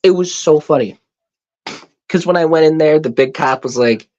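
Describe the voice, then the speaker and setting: Woman, low voice, profane exasperated storytelling, dull lo-fi stream audio. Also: normal speed, darkish tone. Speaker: live-stream host. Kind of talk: casual storytelling rant.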